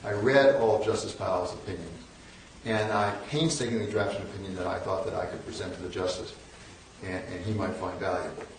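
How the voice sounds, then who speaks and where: An older man tells self-deprecating stories at a lecture, his somewhat low voice full of wry asides and little restarts. He sounds a little off-mic, carried across a large, booming hall. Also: steady tone, brisk, slight background noise. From northern United States. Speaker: guest lecturer. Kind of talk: storytelling lecture. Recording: echoey hall, mic at a distance.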